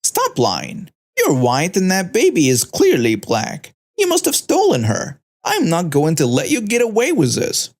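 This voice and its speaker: A man voicing a shrill, accusing woman shopper. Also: huge pitch swings, a little slow, few pauses, full character voice. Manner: accusing, shrieking.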